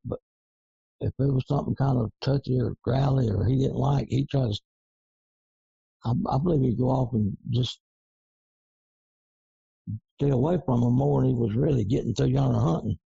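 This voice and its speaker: A man, a coonhound breeder talking slowly and rambling in folksy dialect in a casual interview. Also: mid-range voice, gravelly, mellow, husky, dry recording, lo-fi sound. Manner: slow, rambling, folksy Southern dialect grammar.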